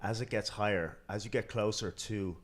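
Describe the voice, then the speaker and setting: A man guest telling a story in an interview, halting with restarts and growing animated as he retells it. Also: fairly low pitch. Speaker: filmmaker guest.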